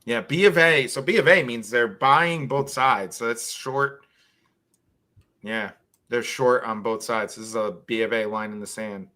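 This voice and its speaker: A man's voice: mid-range voice, a little slow, bright, forceful tone. A man hosting a casual trading live stream over a video call, rambling and thinking aloud as he shares his screen. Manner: rambling, self-mocking, thinks aloud while sharing screen. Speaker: host.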